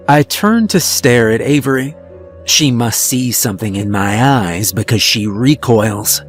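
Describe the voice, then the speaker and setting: A man narrating a first-person horror story in a slow, tense storytelling manner. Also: medium pitch. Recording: dry studio voice-over with soft music.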